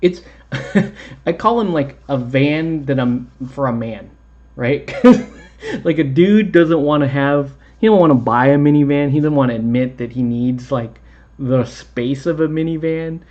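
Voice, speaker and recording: Rambling, easygoing male painting host who laughs a lot; average pitch, dull recording. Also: unhurried, a little mellow. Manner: rambling, chatty, laughs often. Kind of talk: casual chat while painting a tutorial.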